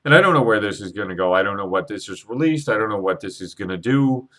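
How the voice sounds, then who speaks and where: A man's voice: on the low side, expressive, fast, pushed and bright. A man talking in an earnest, rambling spiritual vlog, emotional and holding back tears, with swearing and frequent restarts. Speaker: Reiki practitioner and psychic vlogger.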